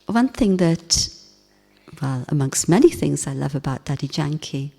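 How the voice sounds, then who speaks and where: A woman gives a spiritual talk in a low, mellow voice, unhurried and reflective. Her gentle, softly emphatic delivery carries a long reverb from a hall. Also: animated, vocal fry. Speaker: spiritual teacher.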